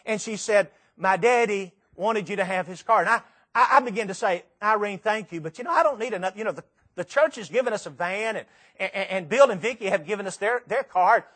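Middle-aged man, high-pitched, emphatic sermon storyteller who leans on pauses and repetition. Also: expressive, pushed and bright, husky. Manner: emphatic storytelling with dramatic pauses and repeated phrases. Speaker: preacher.

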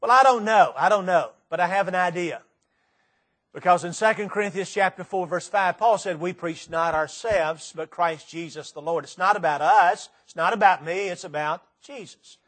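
Male preacher, high voice, fiery delivery with dramatic loud-soft swings and repeated phrases. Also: normal speed. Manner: impassioned preaching with dramatic shifts in loudness and pace. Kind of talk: sermon.

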